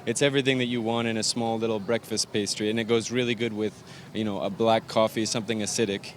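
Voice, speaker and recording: A man's voice: lowish voice, little pitch movement, quick pace. A man from Arizona, a pastry chef and bakery owner, explaining his pastries in detail, with fillers, during an on-location interview. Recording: faint outdoor traffic noise.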